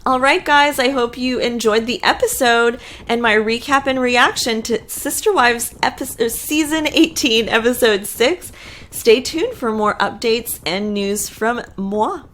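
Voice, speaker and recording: A woman's voice: on the high side, measured pace, fairly bright tone. A woman hosting a casual TV recap and reaction, talking in a chatty, opinionated way with lots of fillers and asides. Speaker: show recap host.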